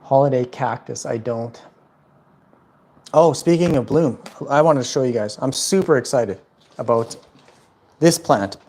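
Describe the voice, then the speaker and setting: A man's voice: medium pitch, unhurried, pauses often, darkish tone, a little hiss or hum. A man hosting a casual plant livestream from home, chatting loosely with viewers in a rambling way. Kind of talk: casual livestream chat answering viewer questions. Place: at home indoors.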